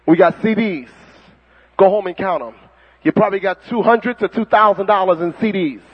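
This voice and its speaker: A man's voice: high voice, moderate pace, husky. A man preaching a fiery, mocking sermon full of impressions. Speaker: Muslim preacher. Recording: dull recording with long hall reverb.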